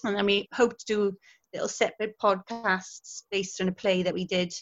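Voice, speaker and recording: A woman's voice: mid-range voice, normal speed, dull audio. A woman being interviewed, chatting casually and telling stories with frequent laughter. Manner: chatty, laughs often, animated storytelling. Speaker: guest, historical interpreter.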